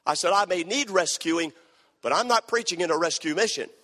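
Man preaching, high bright voice, storytelling, shouts then hushes, long hall echo. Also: brisk. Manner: animated storytelling, shouting bursts, drops to a hushed voice. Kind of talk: sermon storytelling.

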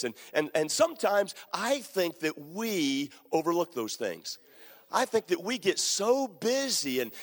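A pastor preaching a sermon, building emphasis through repeated phrases. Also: male voice, fairly high pitch, big-room sound. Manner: emphatic, repetitive preaching cadence.

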